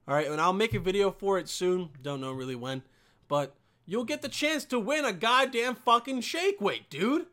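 A young man with a high-pitched voice hosts his channel and rips into cringe videos. His talk is profane, mocking and rambling, full of fillers and asides to his viewers. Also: animated, normal speed, a bit bright. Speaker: vlogger. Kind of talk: casual commentary on videos.

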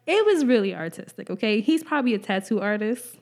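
A woman's voice: mid-range voice, very animated, a little fast, a little mellow. A young woman hosting a casual podcast, telling a profane, laughing childhood story and acting out the people in it. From Pennsylvania. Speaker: podcast host.

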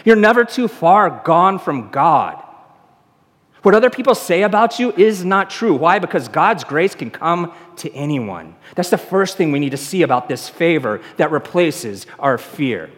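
A man's voice: on the high side, very animated, unhurried, a bit bright, in a large hall. A man from the American South with a Southern accent, a pastor preaching a conversational sermon and asking the congregation questions. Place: church sanctuary.

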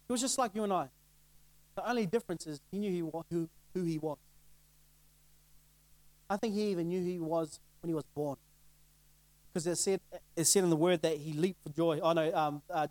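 Guy pastor preaching loose and chatty, kinda high voice, dry close sound, asks lots of questions. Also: darkish tone, dry recording, low-quality recording. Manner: conversational, laughs often, rhetorical questions. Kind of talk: casual sermon. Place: church.

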